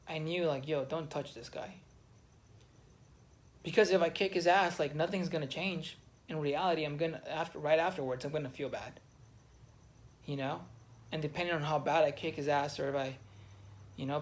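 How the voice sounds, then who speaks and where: A man who served in the army telling his own story in a raw, emotional monologue, swearing often and restarting his sentences. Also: on the high side. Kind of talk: candid personal monologue.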